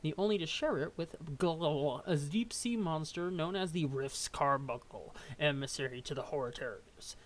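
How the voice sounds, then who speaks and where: A young adult gives a casual read-through of a webcomic at a moderate pace with few pauses, in a medium pitch. Words get fumbled now and then, and jokes and laughs are slipped in.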